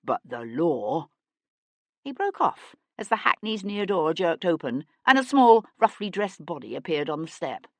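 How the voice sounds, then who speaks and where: A woman reading an audiobook with steady, expressive storytelling narration. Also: mid-range voice, normal speed, few pauses, no room sound.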